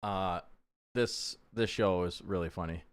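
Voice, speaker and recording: A man's voice: deep voice, a little slow, smooth, no echo. A young man streaming in casual chat, laid-back, swearing a lot and laughing along.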